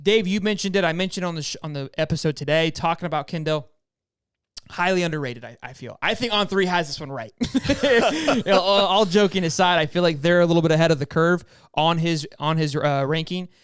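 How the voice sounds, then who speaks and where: Male sports show host, fairly high, smooth voice, joking, restless delivery, dry sound. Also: fast talker, fairly bright tone, no room sound. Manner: upbeat, joking, repeats words. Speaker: podcast host. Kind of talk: casual sports chat.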